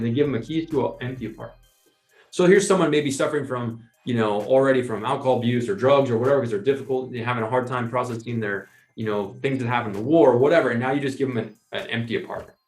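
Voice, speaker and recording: A man hosts a podcast and talks through his points as lively, acted-out scenes, slipping into quoted voices. His voice sits at a middle pitch. The room sounds echoey, with faint music underneath. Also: quick pace. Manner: animated, explains with imagined scenes and quoted asides. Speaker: podcast host. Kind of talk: casual storytelling chat.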